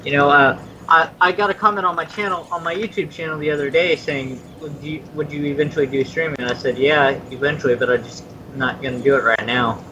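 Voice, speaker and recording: A man's voice: fairly high pitch, fairly even intonation, fast talker, noisy background. A man chatting easygoingly with gaming friends over voice chat.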